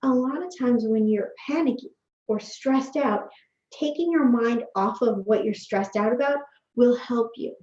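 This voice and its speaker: A woman chatting casually in an advice vlog, gentle and reassuring, filling her talk with "like", speaking from a quiet room at home into a desk microphone. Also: a little high, a little slow. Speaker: vlogger giving self-care advice. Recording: roomy, slightly dull home recording.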